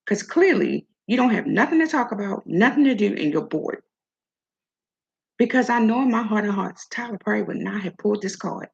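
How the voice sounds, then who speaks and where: A woman's voice: mid-range voice, lively intonation, moderate pace, vocal fry, breathy edge. An older woman hosting an opinion commentary vlog, sassy and talking straight at the person she criticizes. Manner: sassy, talks straight at her subject. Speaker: host. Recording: dull lo-fi recording.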